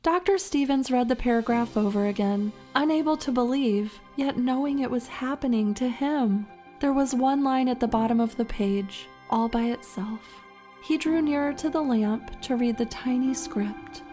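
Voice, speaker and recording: High-voiced woman narrating a story. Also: warm tone, faint music behind. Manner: slow, measured and dramatic.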